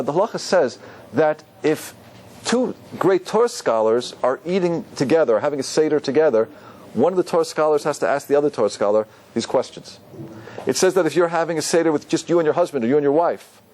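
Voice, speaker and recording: Lively rabbi teaching a class. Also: male voice, on the high side, fairly quick, a little hiss or hum. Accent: Ashkenazi Hebrew pronunciation. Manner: lively teaching, asks the audience questions. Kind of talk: Torah class.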